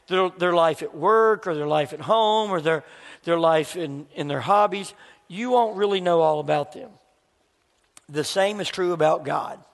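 High-voiced man preaching in a hall. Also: fairly bright tone. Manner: storytelling, acts out dialogue. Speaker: pastor. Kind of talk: sermon with family story.

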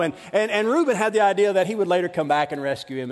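Man in his forties preaching, high voice, chatty asides, echo from a big hall. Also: expressive, fast talker, hardly any pauses. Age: 40s. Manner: chatty, self-deprecating, frequent restarts and asides. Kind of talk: conversational sermon storytelling. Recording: long reverb of a large hall.

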